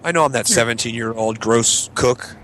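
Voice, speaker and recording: A man's voice: mid-range voice, moderate pace, fairly bright tone, a little hiss or hum. A young man in casual crude chat, telling rambling stories and laughing at himself. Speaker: show regular.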